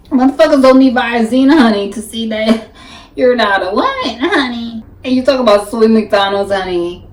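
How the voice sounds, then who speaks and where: A woman's voice: fairly high pitch, normal speed, recorded from a distance, a little hiss or hum. A woman hosting a reaction video, talking in a blunt, sassy way and drawling "honey" often. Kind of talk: sassy casual commentary. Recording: echoey room, off-mic.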